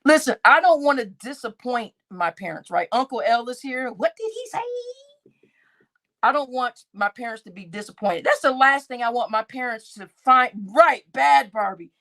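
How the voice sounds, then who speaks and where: A woman's voice: fairly high pitch, animated, normal speed, hardly any pauses, pushed and bright. A middle-aged woman chatting on a live stream, reading out chat names, laughing often and swearing freely.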